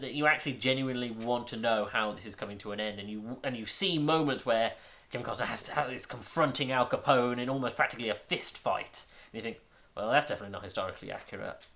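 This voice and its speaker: A man talks through a film he has just watched, meandering from point to point with plenty of halting restarts and filler words. He sounds amused and openly incredulous at what he describes, in an easygoing video-review manner. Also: medium pitch, sharp tone. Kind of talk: casual film recap and review.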